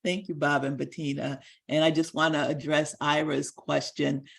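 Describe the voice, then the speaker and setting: A meeting host with a Midwestern accent running an online meeting, friendly and quick to laugh. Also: medium pitch, flat delivery, gravelly, fairly bright tone. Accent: Midwestern American. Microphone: video call.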